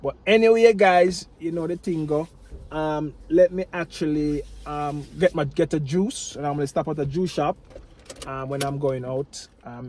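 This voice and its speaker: A Jamaican man talking casually to his viewers outdoors, rambling and often repeating "you know what I mean" and "family". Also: on the high side. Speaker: vlogger. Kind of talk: casual talk to camera. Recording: loud street and traffic noise.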